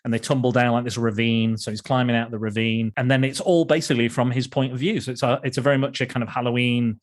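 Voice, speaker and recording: A man talks through old films in a loose, rambling way, restarting sentences and chuckling as he goes. His voice sits at an ordinary middle pitch, and he sounds like a relaxed podcast co-host. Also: fast talker. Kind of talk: casual film discussion.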